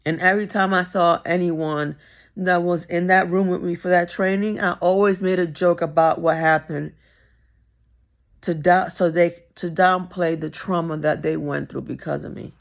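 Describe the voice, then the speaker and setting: A middle-aged woman with a low, gravelly voice tells her own story straight to the camera. She talks candidly and hammers her points home by repeating them. It is a relaxed personal vlog. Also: normal speed. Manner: candid, emphatic, repeats phrases for stress. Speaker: vlogger.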